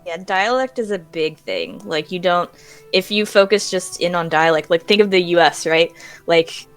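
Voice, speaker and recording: A woman as a guest on a casual roundtable, lively and laughing between words. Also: lowish voice, moderate pace, smooth, faint music behind. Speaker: guest streamer.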